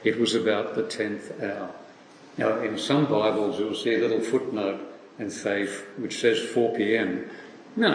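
A man preaching a sermon, slow and reflective, asking his listeners questions. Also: lowish voice, slight background noise. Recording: echoey hall with faint ambience.

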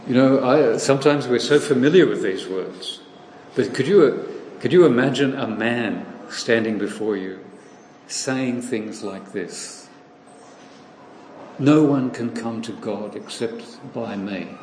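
A man preaching a sermon, slow and deliberate, repeating phrases for emphasis. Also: mid-range voice, a little mellow. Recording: echoey hall, slightly distant, faint room noise.

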